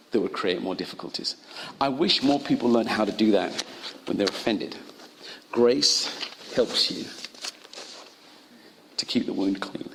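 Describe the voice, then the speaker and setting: A male pastor preaching a sermon, telling stories and acting out the voices of the people in them with sudden high cries. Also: slight background noise. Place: college chapel or hall. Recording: long hall reverb.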